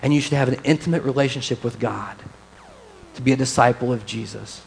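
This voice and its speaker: A man's voice: mid-range voice, fairly quick, gravelly, slight background noise. A man preaching a sermon in a church, speaking in a loose, conversational way with fillers and small laughs. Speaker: pastor. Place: church hall.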